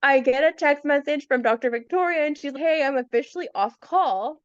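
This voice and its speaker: A woman guest on a podcast, telling her birth story in a casual, animated way, laughing often and acting out what others said. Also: high voice, brisk, no echo, lo-fi sound.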